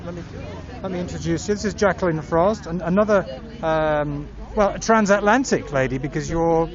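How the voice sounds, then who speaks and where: A man hosting an outdoor interview, asking eager questions and often repeating words as he starts. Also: a little high. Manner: quick, eager, stumbles over repeated words. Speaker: interviewer, host. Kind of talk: casual on-location interview. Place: outdoors at a public ceremony. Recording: lo-fi outdoor audio with crowd.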